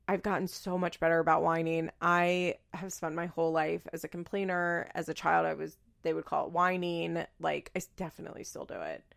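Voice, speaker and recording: A woman in her thirties talks through a casual solo podcast in a lowish voice with a gravelly edge. She rambles with lots of fillers and pokes fun at herself. Her delivery is loose and chatty. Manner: chatty, self-deprecating, rambling with many fillers. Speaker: podcast host.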